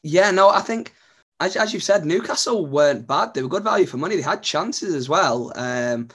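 A man's voice: on the high side, expressive, moderate pace, fairly bright tone, husky. Easygoing man. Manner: thoughtful, analytical, easygoing. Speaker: podcast guest, club editor. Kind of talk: casual podcast chat.

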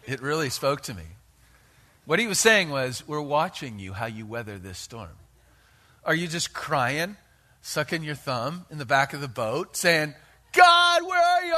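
A man preaching a sermon, moving between hushed asides and loud acted-out quotes from scripture. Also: on the high side, a little slow. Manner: animated, shifts between hushed and shouted quotes. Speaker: pastor.

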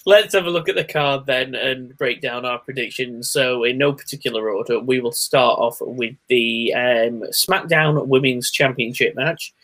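A man's voice: medium pitch, moderate pace, hardly any pauses, fairly bright tone, rough recording. Male podcast host, casual wrestling talk, laughs a lot. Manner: laughs often, leads the segments.

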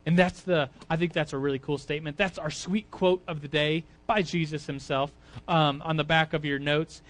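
A man preaching an informal sermon in a chatty, conversational way with frequent fillers. He moves between quiet asides and loud bursts of emphasis. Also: fairly high pitch, normal speed.

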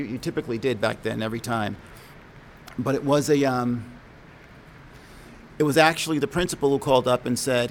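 A middle-aged man from New York telling a personal childhood story in a reflective, conversational way, often pausing and correcting himself. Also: mid-range voice, slight background noise. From New York, USA. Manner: conversational, halting, self-correcting. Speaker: speaker sharing a personal story.

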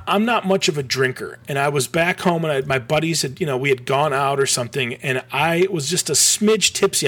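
A middle-aged man from Michigan telling a long story on a podcast as a guest, rambling and animated, with many restarts and a few swears. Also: a little high. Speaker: podcast guest, graphic designer. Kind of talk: casual storytelling.

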